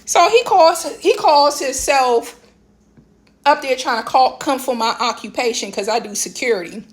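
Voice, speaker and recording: A fairly high-voiced woman with a D.C. rants through a personal story to her camera. She is blunt and emphatic, full of slang, and her voice shoots up in pitch whenever she is fed up. She sounds middle-aged. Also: moderate pace. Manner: animated and emphatic, voice leaps high when exasperated; blunt, slangy, repeats "this, that, and the third". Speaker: vlogger. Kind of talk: casual storytelling rant.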